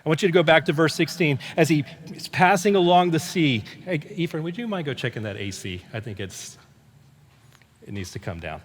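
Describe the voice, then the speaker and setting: Pastor in echoing church hall. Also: male voice, on the high side, animated, a little fast. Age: older. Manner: conversational storytelling with many restarts and fillers. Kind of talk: sermon. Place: church sanctuary. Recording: long hall reverb.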